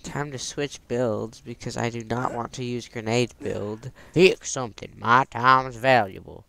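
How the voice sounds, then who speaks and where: A man's voice: mid-range voice, steady tone, measured pace, gravelly, few pauses, sharp tone. A man giving casual, joking commentary over gameplay and bantering with a friend. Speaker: gaming video creator.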